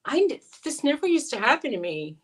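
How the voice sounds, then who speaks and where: A middle-aged woman hosting a casual live-stream chat with a friend, talking in a chatty, animated way. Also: high-pitched, fairly quick, poor audio. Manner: chatty and animated, swears and laughs easily. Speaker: channel host.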